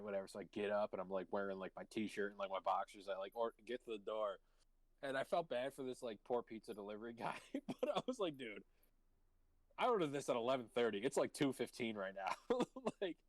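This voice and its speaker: This man hosts a live stream, chatting casually and telling anecdotes while swearing freely and laughing mid-sentence. His voice is medium in pitch. The recording is dry and the audio quality poor.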